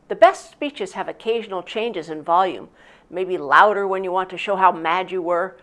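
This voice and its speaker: A woman teaching public speaking in an instructional narration, expressive and clear as she shifts her loudness and pitch to show each point. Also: moderate pace.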